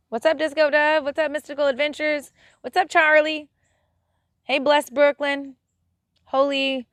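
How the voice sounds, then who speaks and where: A woman's voice: fairly high pitch, fairly bright tone, no echo, studio quality. A woman hosting a live stream who talks bluntly and exasperatedly in a casual spiritual rant, swearing freely.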